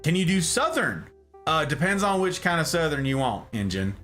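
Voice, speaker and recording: A male streamer talks casually to his chat, answering viewers one by one. His voice is fairly high and bright, with lively swings in pitch. Soft guitar music plays quietly behind him. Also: moderate pace.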